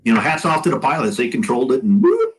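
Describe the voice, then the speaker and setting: Lively man recounting a flight story. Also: mid-range voice, racing, poor audio. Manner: lively storyteller, acts out crew dialogue. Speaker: guest, former Marine aircrewman. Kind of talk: casual storytelling chat.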